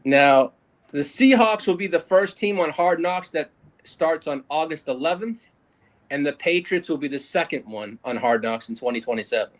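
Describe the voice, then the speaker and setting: A man's voice: on the high side, animated, moderate pace. A man co-hosting a casual sports talk show, reading out news items in an easygoing way. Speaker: co-host.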